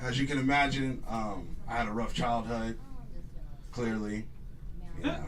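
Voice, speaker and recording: A man in his thirties from Los Angeles doing a stand-up set, swinging between loud laughing shouts and low mutters. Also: fairly even intonation, measured pace, far from the mic. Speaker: stand-up comedian. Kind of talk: stand-up routine before a live audience. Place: garage studio with live audience. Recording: voice from off-mic with audience laughter. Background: audience laughing.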